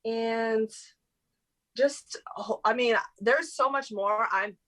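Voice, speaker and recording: A woman's voice: fairly high pitch, slow pace, a bit bright, rough recording. A young adult woman, a guest actress, chatting casually in an interview with lots of fillers and laughs.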